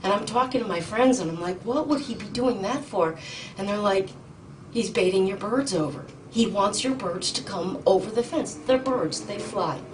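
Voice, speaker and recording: Indignant woman testifying in court. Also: mid-range voice. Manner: urgent, indignant, halting with ums and restarts. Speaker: petitioner in court. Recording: distant mic with faint noise.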